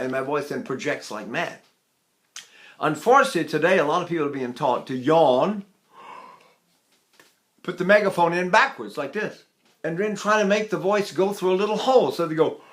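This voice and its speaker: A man's voice: fairly high pitch, a bit bright. An older man giving a singing lesson, explaining technique in a folksy, demonstrative way and breaking into sung vowels to show his points. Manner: folksy, demonstrative, sings sample vowels and laughs between points. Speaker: voice teacher.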